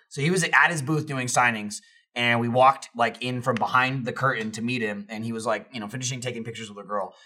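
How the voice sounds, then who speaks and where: A young man co-hosting a casual podcast, telling an animated story full of fillers and swearing. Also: medium pitch, a little fast. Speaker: podcast co-host.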